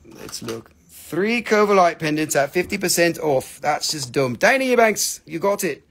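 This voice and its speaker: A man running a live sales stream, joking, swearing and excitable, while he is losing his voice. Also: on the high side, moderate pace, vocal fry, slight background noise.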